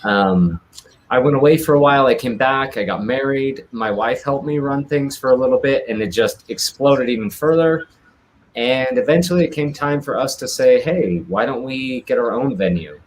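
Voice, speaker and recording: An American man in his thirties talks through his background in theater as a guest. His voice sits at an ordinary middle pitch, and his delivery is loose, chatty and easygoing. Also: normal speed. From Utah, United States. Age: 30s. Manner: relaxed, chatty storyteller with teasing humor. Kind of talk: casual conversation.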